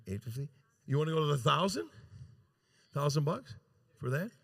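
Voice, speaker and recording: At a charity gala in a large event room, a man calls bids live into a handheld mic, coaxing bidders with joking banter. His voice sits on the high side and is gravelly, with big pitch swings and normal speed.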